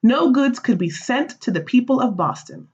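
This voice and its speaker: Expressive woman teacher reading aloud. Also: fairly high pitch, moderate pace, breathy edge, lo-fi sound. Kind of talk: reading a play aloud to children.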